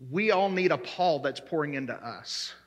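A man's voice: a little high, animated, moderate pace. A man preaching a sermon as pastor, emphatic and repeating his key words.

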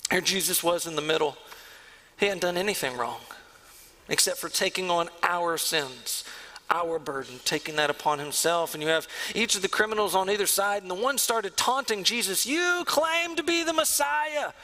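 A man preaching a sermon as the pastor of a church, earnest, sometimes dropping to a hush. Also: high voice, moderate pace, poor audio. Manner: earnest preaching, drops to a hush on key lines. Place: church sanctuary.

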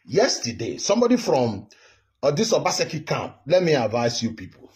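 A Nigerian man in his fifties from Edo State, a political commentary vlogger, delivers a heated, indignant, repetitive rant straight to camera. His medium-pitched voice swings widely in pitch, runs a little fast, and sounds slightly mellow.

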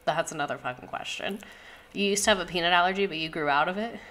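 A woman's voice: on the low side, fast, a bit bright. A young woman chatting casually on a livestream, candid and profane, laughing often. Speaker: streamer.

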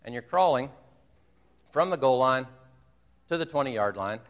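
A man's voice: mid-range voice, animated, measured pace, big-room sound. A man preaching a sermon, earnestly retelling a movie scene and quoting its dialogue. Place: church sanctuary.

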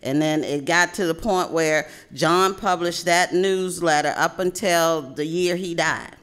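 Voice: mid-range voice, unhurried, a bit bright, clean tone. An adult speaking as a panelist in a discussion, telling stories about a neighborhood newsletter from their youth. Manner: storytelling, recounting neighborhood memories. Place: public library meeting room.

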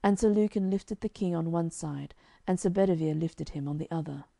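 Woman narrator, calm storybook reading, close dry recording. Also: lowish voice, brisk, gravelly, no room sound. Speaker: audiobook narrator.

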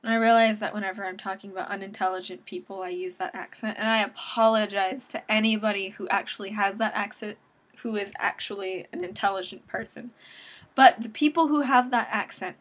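A woman's voice: medium pitch, steady tone, a little fast, fairly bright tone. A young woman from Southern California ranting at home into a webcam, sarcastic and self-deprecating. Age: young adult. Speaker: vlogger. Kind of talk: casual webcam rant.

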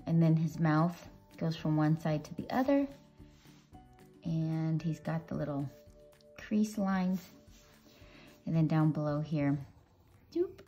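A woman's voice: lowish voice, mellow. A woman leading a casual drawing tutorial, chatting playfully with children as she draws. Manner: chatty, playful, talks to kids while drawing. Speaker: drawing teacher. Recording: dull lo-fi audio with faint music.

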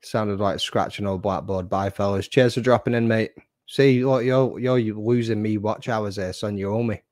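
A man hosts a casual watch-along, full of sweary, teasing banter. His voice sits low, and the sound is dry and close with almost no room. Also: fairly even intonation, normal speed, a little mellow, no room sound. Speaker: podcast host.

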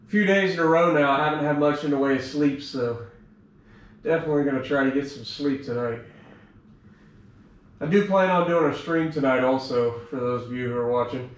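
A man's voice: fairly high pitch, a little fast, highs cut off. Winded man counting reps in an echoey room. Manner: counts reps aloud between tired asides. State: out of breath. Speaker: fitness vlogger. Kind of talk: counting sit-ups on camera. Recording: echoey room, mic far off, noisy.

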